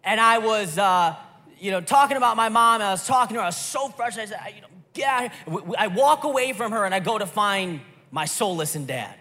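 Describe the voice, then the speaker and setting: A man preaching a sermon, telling a personal story in an animated way with quick restarts. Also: high voice, big-room sound. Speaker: pastor.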